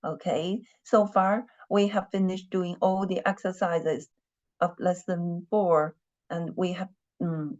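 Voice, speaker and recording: A woman's voice: lowish voice, muffled recording. A woman teaching a beginner class in English, patient and repetitive, often checking that students follow. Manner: patient, repeats herself, asks "are you clear?". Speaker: Chinese teacher. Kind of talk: slow live language lesson.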